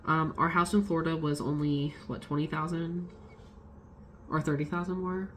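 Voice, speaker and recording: A woman's voice: low-pitched, moderate pace, background noise. A young adult woman vlogging a casual storytime, swearing freely and acting out what others said. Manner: swearing, animated retelling with quoted voices.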